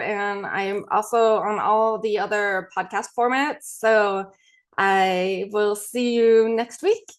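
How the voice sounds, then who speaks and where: A woman hosting her own podcast as a mindset coach, gently leading a tapping session and repeating affirmations with many pauses. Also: mid-range voice. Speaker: podcast host and EFT coach.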